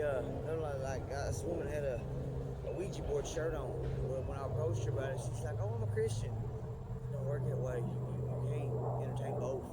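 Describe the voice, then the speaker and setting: A man giving an earnest, halting spoken testimony, often repeating words and restarting. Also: mid-range voice, very noisy. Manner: earnest and intense. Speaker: person giving a religious testimony.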